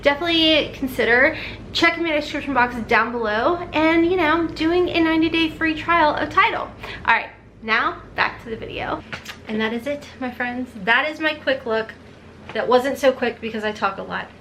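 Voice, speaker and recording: Chatty woman vlogger, slightly high. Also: moderate pace, fairly bright tone, slight background noise. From Kentucky. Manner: chatty, rambling, self-deprecating. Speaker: beauty vlogger. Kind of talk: casual makeup tutorial chat.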